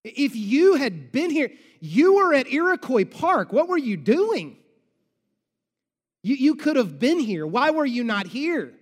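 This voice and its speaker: Man putting on an upset grieving woman, feisty, indignant questions, raised high voice, long hall reverb. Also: sing-song, a little slow, full character voice.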